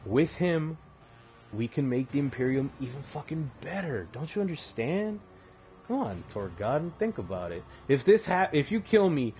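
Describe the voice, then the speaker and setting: A man's voice: lo-fi sound, slight background noise. A man voicing a scheming male warrior-priest who pleads and argues in a raised voice. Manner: pleading, rapid, rising pitch.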